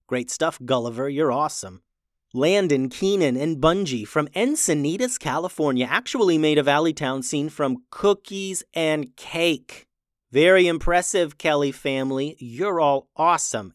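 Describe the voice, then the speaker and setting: A children's podcast host reading a storybook aloud in a lively, upbeat way. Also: mid-range voice, no echo, clean studio sound. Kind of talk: storybook narration.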